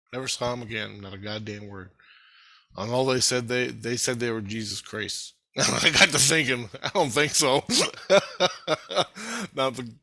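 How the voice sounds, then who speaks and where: A man rambling through a profane, animated story about his spiritual experiences. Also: medium pitch.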